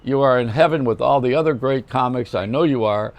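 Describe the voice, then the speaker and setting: A man's voice: mid-range voice, brisk, lo-fi sound. An older man, a radio host, telling anecdotes in a rambling monologue, often stopping to correct himself. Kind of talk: storytelling monologue.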